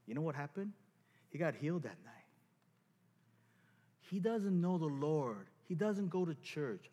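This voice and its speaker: A male pastor delivers a sermon in a high, highly expressive voice, swinging up and down as he acts out scenes. He pokes fun at himself while telling the story. The sound carries a long reverb, like a large church hall. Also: breathy edge. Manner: animated, self-mocking, acts out scenes.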